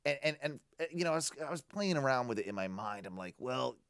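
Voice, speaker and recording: A man co-hosting a casual podcast, giving emphatic, opinionated takes and thinking out loud. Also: medium pitch, expressive, fast talker, smooth, no room sound, clean studio sound. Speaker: podcast co-host. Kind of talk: casual chat.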